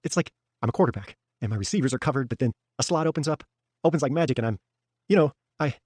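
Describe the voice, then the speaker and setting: A man's voice: medium pitch, quick pace, darkish tone, slightly rough, dry recording, clean studio sound, lightly acted. A man voicing a nervous, overeager middle-aged hustler in debt, reading an audiobook with a pushy, ingratiating manner. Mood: pleading. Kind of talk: audiobook character voice.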